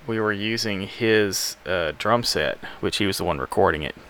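A man's voice: lowish voice, normal speed, a bit bright, a little hiss or hum. A man from Alabama, hosting a music show in a rambling, laid-back, self-deprecating way. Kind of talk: casual radio show chat.

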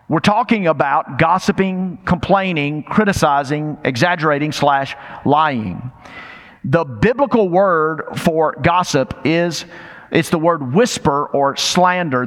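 An older man delivers a sermon in an emphatic, conversational way, firing rhetorical questions and repeating his key lines. His voice sits a little high for a man. The sound carries the long reverb of a large hall. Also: a bit bright. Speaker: pastor.

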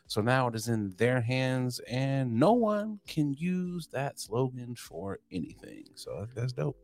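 A young adult man co-hosting a casual podcast, telling profane, animated stories and acting out what people said. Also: medium pitch, slow pace. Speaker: podcast co-host. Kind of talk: casual chat.

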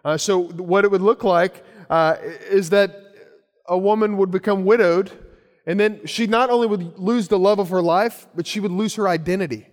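High-voiced pastor preaching in a hall. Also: male voice, fairly even intonation, moderate pace. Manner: earnest preaching with repeated phrases and restarts. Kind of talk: sermon.

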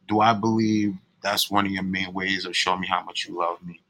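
A man's voice: low voice, steady tone, a little fast, a bit bright, poor audio. A young man co-hosting a casual couple podcast, laid-back and profane, laughing often. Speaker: podcast co-host.

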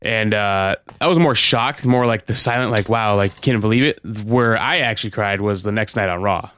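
A man's voice: on the low side, normal speed, clean tone, no echo. A man on a podcast, speaking hesitantly with many fillers. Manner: hesitant, quiet, full of fillers. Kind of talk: casual podcast chat.

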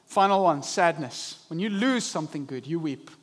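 A young man preaching a Sunday sermon, animated and acting out inner voices. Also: fairly high pitch, normal speed. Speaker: pastor. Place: church service.

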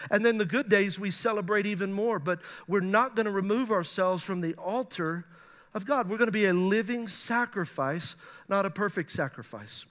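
A man with a high, bright voice preaches a sermon to his congregation. He talks in a lively, animated way, mixing scripture with playful asides and little laughs. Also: brisk. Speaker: pastor. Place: church before a congregation.

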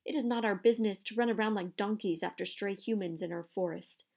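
A woman's voice: mid-range voice, fairly quick, vocal fry, darkish tone. Bane, a woman voicing a thundering angry centaur. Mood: furious scorn. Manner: thundering, scornful. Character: angry proud male centaur.

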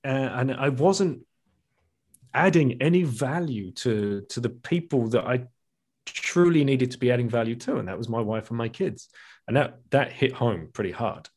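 A man's voice: medium pitch, animated, normal speed, darkish tone. A middle-aged man, a guest author, telling his story candidly in a reflective conversational way, often restarting and laughing. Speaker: guest, author and podcast host.

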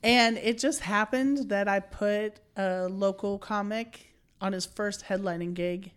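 A woman's voice: mid-range voice, unhurried, clear, resonant tone. A woman who books comics for a club, chatting casually and laughing easily as she tells stories. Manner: relaxed storyteller, laughs often. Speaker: comedy club booker and host. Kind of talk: casual chat.

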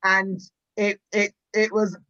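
Bright-voiced woman with an Antiguan accent. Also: mid-range voice, slow. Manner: lively storytelling, quoting others. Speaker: probation worker, interviewee. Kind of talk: casual conversation. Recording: dull lo-fi remote audio.

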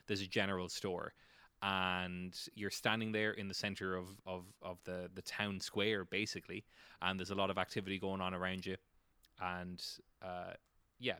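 Bright, clear male game master. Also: deep voice, no room sound. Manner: relaxed, descriptive, playful. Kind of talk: narrating a tabletop game.

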